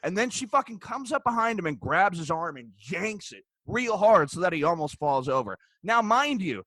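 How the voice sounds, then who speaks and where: A man co-hosting a podcast, telling a story in an animated, profane, ranting way into a close mic. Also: high voice, moderate pace, dry recording. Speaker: podcast co-host. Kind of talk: casual storytelling chat.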